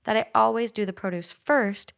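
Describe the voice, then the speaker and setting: A woman's voice: a little high, fairly even intonation, moderate pace, vocal fry, clear, resonant tone. A young woman with a light Minnesotan accent hosting a podcast, chatting casually, swearing freely and reading listener stories aloud. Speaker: podcast host.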